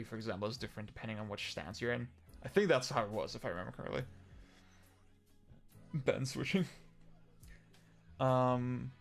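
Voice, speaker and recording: The young man hosting the livestream chats loosely and answers comments in a wandering way, peppering his talk with fillers, restarts and casual swearing. His voice is medium-pitched and a bit bright.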